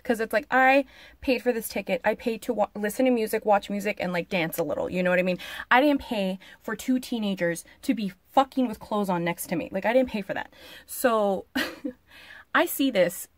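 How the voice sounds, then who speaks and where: A woman vlogger tells a story-time tale in a chatty, profane rush, playing up the drama and leaning on fillers like "like" and "you know." Her voice is medium in pitch at a moderate pace, recorded dry with no room sound.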